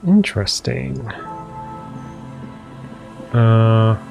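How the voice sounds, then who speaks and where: A man's voice: medium pitch, lively intonation, drawn-out words, vocal fry, music in the background. Guy streaming a game, reads lines out, cracks jokes, mid voice. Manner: reads game text aloud, jokey asides. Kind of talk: casual let's-play commentary.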